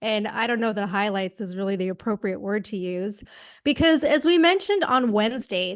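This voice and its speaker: A woman's voice: mid-range voice, moderate pace, no room sound, clean studio sound. A woman co-hosting a podcast, talking outspokenly and sarcastically in casual commentary. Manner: outspoken, sarcastic, laughs at own slips. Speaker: podcast co-host.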